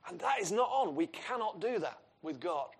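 A man's voice: high-pitched, animated, normal speed, creaky, slightly rough. A man preaching an expository sermon, earnest and emphatic, asking his listeners questions.

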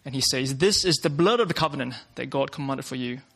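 A man's voice: mid-range voice, fast, gravelly, a bit bright. A man preaching a sermon to a workplace gathering, earnest, often starting lines with "uh" and restating his points.

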